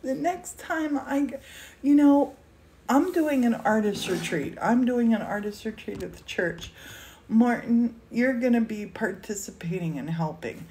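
In an indoor studio, the host of a painting livestream gushes tearfully over a gift, exclaiming often in emotional casual chat. Her voice sits on the high side, animated but measured in pace, with a dark tone and a little hiss or hum.

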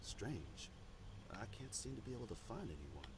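A woman voicing a gruff male police officer in a video game playthrough, muttering in a low, flat way. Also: normal speed. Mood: deadpan.

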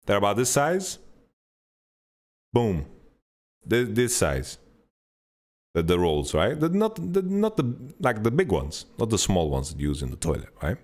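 A man hosting a podcast, telling a rambling story in an animated, sweary way and playing out his own thoughts. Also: unhurried, long pauses. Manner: animated storytelling, swears freely, mimics himself with pitch jumps. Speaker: podcast host. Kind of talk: casual rambling monologue.

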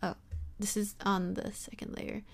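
A young woman talking casually through a software tutorial, rambling and self-deprecating, with lots of fillers. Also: mid-range voice, flat delivery, moderate pace, slight background noise. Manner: rambling and chatty, full of fillers. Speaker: tutorial host.

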